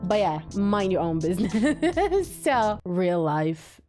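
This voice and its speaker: Slow-talking woman reacting emotionally. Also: mid-range voice, animated, mellow, faint music behind. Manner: emotional, exclaiming, thinks aloud. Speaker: anime reaction host. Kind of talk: casual reaction commentary.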